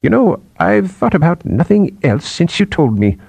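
A man's voice: fairly high pitch, big pitch swings, moderate pace, creaky, darkish tone, breathy edge, no echo, pitched above the performer's own voice, full character voice. A man voicing a frail, mild old male scholar in his seventies with a quavering voice in an audiobook. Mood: curious. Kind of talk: audiobook character voice.

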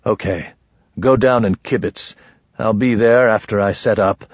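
A man voicing an aging male wizard, a gruff and wary father who talks in low, terse mutters. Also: steady tone, unhurried, no echo, lo-fi sound. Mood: gruff muttering.

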